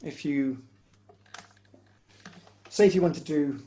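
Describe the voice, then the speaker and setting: A man giving a patient, step-by-step online music lesson on the hurdy-gurdy, pausing often as he explains. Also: a little high, warm tone. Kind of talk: online music workshop instruction. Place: home room, online workshop.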